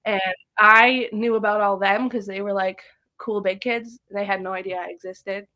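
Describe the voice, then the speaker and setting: Guesting on a podcast, a young drummer who also teaches drums shares stories in a chatty way, sprinkling in many "likes" and fillers. Her medium-pitched voice is fairly even, pushed and bright, at a moderate pace.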